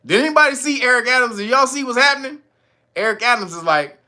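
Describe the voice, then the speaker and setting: A male host giving casual, animated commentary, swearing freely and often breaking into laughter. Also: very high voice, fast talker.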